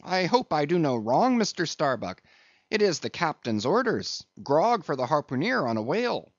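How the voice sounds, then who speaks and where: A man's voice: very animated, normal speed, no echo. A timid, anxious ship's steward, as a man plays him in an audiobook, pleading his case in a raised, nervous voice. The recording is dry and slightly muffled. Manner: high, anxious protesting. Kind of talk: audiobook reading.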